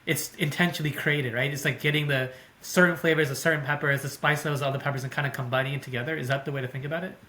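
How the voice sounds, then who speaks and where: A man's voice: on the high side, fairly even intonation, very fast, hardly any pauses, bright, forceful tone. A man hosting a podcast interview, thinking aloud and checking his understanding with tag questions. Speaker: podcast host. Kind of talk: casual interview.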